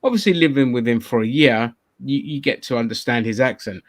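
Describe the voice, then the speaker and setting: This London podcast host chats casually in a brisk, medium-pitched voice. He rambles, swears freely, and laughs often.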